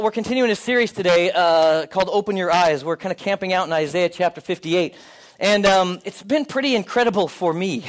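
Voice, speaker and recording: A middle-aged male pastor preaching a sermon, telling stories and acting out the dialogue in them. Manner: animated storyteller, acts out dialogue with rising pitch. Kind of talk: sermon with storytelling.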